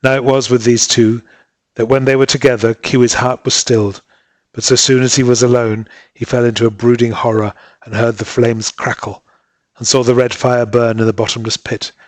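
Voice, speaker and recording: A man narrating a classic story in a measured, steady reading. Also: mid-range voice, no echo.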